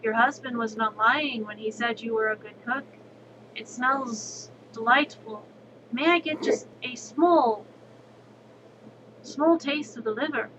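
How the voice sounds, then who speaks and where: A woman's voice: on the high side, measured pace, background noise, close to an everyday voice. A woman voicing a hungry, pushy male coyote in a folk tale, eager and pleading.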